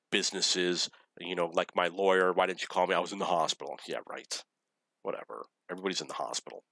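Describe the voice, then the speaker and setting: A man's voice: sits low, sharp tone, dry recording, poor audio. A man casually telling dating stories in a rambling, self-correcting, wry way. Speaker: storyteller.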